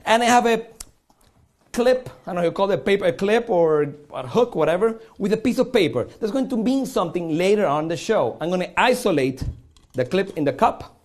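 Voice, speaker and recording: Puerto Rican man, stage magician, slightly high and very lively voice, theatrical and joking with the crowd. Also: a little fast. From Puerto Rico. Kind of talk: live magic show patter. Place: studio stage before a live audience.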